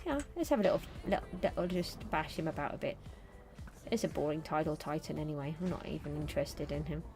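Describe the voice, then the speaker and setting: Chatty woman gamer with a gravelly voice. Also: deep voice, fast talker, music in the background. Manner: chatty, talks to viewers and to the game. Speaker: streamer. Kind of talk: casual live gameplay commentary.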